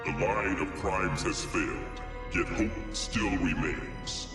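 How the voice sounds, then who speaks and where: A man's voice: deep voice, flat delivery, slow pace, gravelly, full character voice. An actor playing an ancient, wise male robot elder in a video game, speaking with grave ceremony. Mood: solemn. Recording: echoey, distant, loud game music.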